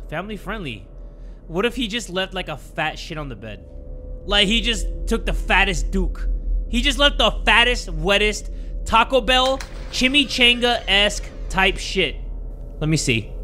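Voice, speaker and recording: A young man playing a horror game and commentating, joking, swearing and yelling when startled. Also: sits high, a little hiss or hum. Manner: excitable, joking, profane, yells when startled. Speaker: gaming video host. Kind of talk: let's play commentary.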